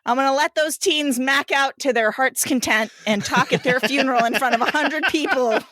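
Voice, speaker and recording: Female podcast co-host, 30s, high bright voice, playful and quick to laugh. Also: no echo, studio quality. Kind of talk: casual chat, reading game cards aloud.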